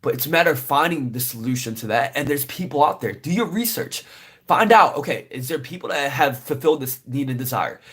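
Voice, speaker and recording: Young dude rambling business advice, kinda husky, average pitch, lots of "like" and "right?". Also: male voice, animated, fairly quick, a bit bright. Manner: rambling, lots of fillers, "right?" tags, restarts. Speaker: business vlogger. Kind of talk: casual advice talk to camera.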